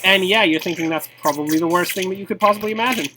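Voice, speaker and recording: A woman giving playful, mock-serious commentary over a game, scolding in a theatrical mock-formal tone that breaks into high squeals. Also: very fast, pushed and bright, faint music behind, low-quality recording. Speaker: gameplay commentator.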